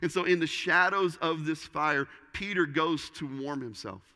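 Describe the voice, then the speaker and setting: A man preaching a sermon, swinging between loud emphasis and hushed, quiet lines. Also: fairly high pitch, normal speed, big-room sound. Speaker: pastor.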